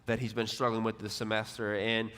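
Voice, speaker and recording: A young man from Texas, giving a casual, conversational sermon to a college ministry. He leans on lots of fillers and repeated words, and drops lower and quieter when quoting people. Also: monotone, brisk, smooth. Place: church or ministry hall. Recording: long hall reverb.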